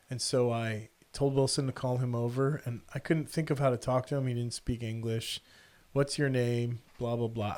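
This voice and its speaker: Middle-aged male podcast host; lively storyteller who voices the characters himself. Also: mid-range voice. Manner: animated, quotes people in the story. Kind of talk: casual storytelling.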